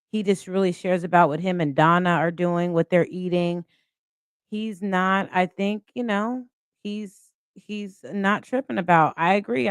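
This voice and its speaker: A woman's voice: lowish voice, clean tone, no echo, clean studio sound. A woman hosting a casual live stream, chatting and reading viewer comments aloud.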